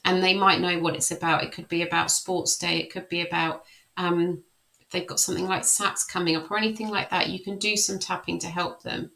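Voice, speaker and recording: Bright, gravelly-voiced woman coach. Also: fairly low pitch, little pitch movement, poor audio. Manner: slow, repetitive affirmations, then friendly explaining. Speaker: life coach leading a tapping session. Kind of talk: guided self-help session and explanation.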